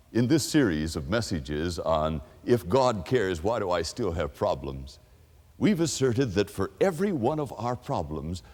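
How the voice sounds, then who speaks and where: Expressive preacher in a ringing hall. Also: male voice, deep voice. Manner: expressive storytelling, acts out quoted people. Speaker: pastor. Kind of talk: sermon.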